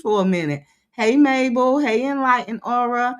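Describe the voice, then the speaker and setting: A woman's voice: fairly even intonation, smooth. Chatty woman greeting her livestream viewers. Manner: chatty, drawn-out greetings, drops low when reading comments aloud. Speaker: livestream host.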